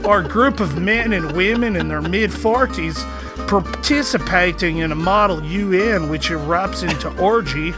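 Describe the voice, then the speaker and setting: A drunk man voicing a sleazy male adult-film maker in broken English, with a clumsy put-on accent and a pitchman's delivery. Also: very slow, hardly any pauses, music in the background. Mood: salesy.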